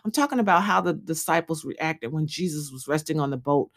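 A woman's voice: low-pitched, animated, a little fast. A woman giving an earnest devotional podcast message, repeating phrases in a preaching cadence.

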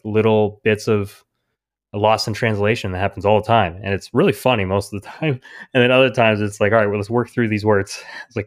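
Man, low voice, guest on a podcast, rambling, animated, quotes others. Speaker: indie comic creator, guest. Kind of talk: casual storytelling interview.

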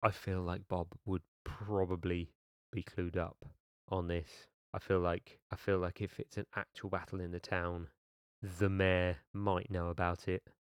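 A man reads a novel aloud and breaks off to mock it with exasperated sarcasm. His voice sits low and sounds dry and close to the mic. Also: flat delivery, unhurried, clear, resonant tone, dry recording. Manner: exasperated, mocking. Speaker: book reviewer reading aloud. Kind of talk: sarcastic read-along commentary.

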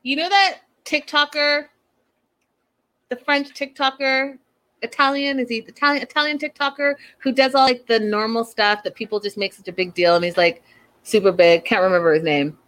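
A woman in casual chat, recapping a reality show in a gossipy, animated way and quoting the cast as she goes. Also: sits high, normal speed. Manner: chatty, gossipy, animated retelling with quoted lines.

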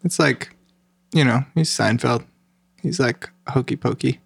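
A young man co-hosting a podcast in casual chat, with a deadpan delivery and dry quips. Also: mid-range voice, measured pace, creaky, husky, dry recording. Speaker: podcast co-host.

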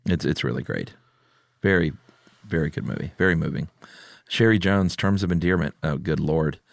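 A podcast co-host with a very deep voice, talking casually and trading dry jokes. He is a man reading out listener picks in an easy, teasing way. The sound is close and dry, with no room in it. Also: normal speed, gravelly, dry recording. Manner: dry, joking, reads listener submissions. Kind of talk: casual chat.

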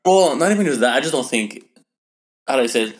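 Young male podcast co-host, quick loose delivery, lots of swearing and laughter. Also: mid-range voice, expressive. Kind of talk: casual chat.

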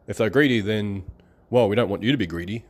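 A man voicing his own subconscious mind, which talks in a casual, chummy way while plotting to sabotage him. His voice sits a little higher than his usual talk. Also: fast talker, natural voice. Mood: chummy scheming. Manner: casual, chummy, sarcastically helpful. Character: a man's own subconscious mind, breezy and scheming.

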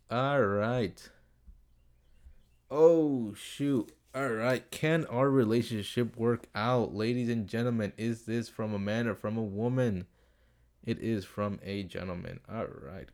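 A young man talks into his home setup in a low, gravelly voice, reading out listener questions for his casual advice podcast. He rambles, curses freely and keeps losing his thread. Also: darkish tone. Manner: rambling, swears, gets off topic. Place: home room with window, street noise outside. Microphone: desktop computer setup.

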